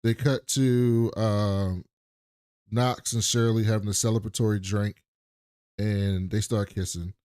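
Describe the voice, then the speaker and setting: Speaking at a measured pace in a lowish register, this podcast co-host recaps a TV episode on a laid-back show. The studio-quality recording is dry. He animatedly performs the characters' dialogue, profanity and all.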